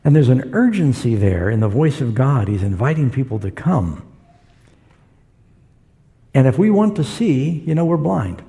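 Gravelly-voiced man preaching a sermon. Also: medium pitch, big pitch swings, a little slow, long pauses, dark tone. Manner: storytelling, acts out quoted voices.

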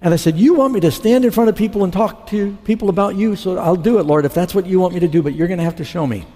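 Middle-aged guy preaching his testimony, mellow voice, big echoey hall. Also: high voice, fast talker. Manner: storytelling, acts out his own past dialogue. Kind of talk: sermon testimony. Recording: long hall reverb.

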